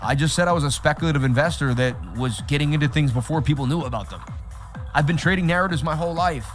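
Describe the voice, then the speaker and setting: A man hosting a live trading stream, talking straight to his chat in an animated, repetitive way. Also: a little high, fast talker, soft background music. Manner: animated, repeats himself, talks straight to chat. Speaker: livestream host. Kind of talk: casual livestream chat.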